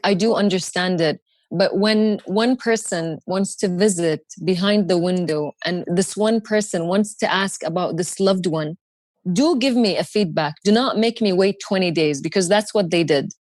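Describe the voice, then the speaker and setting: A young woman guest telling a story with fierce, fast, sarcastic intensity. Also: on the low side, a little mellow, no echo. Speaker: podcast guest. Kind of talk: impassioned storytelling.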